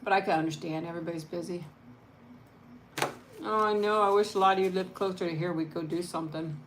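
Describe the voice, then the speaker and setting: Soft-spoken woman chatting while eating. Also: on the low side, fairly even intonation, fast, slight background noise. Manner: chatty, soft-spoken, rambling, laughs often. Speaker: mukbang channel host. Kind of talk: casual eat-and-chat livestream.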